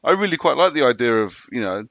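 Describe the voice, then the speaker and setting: A man co-hosting a casual podcast chat, agreeable and wry, quick to laugh. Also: mid-range voice, sing-song, a bit bright, no echo. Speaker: podcast co-host. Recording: dull, dry lo-fi audio.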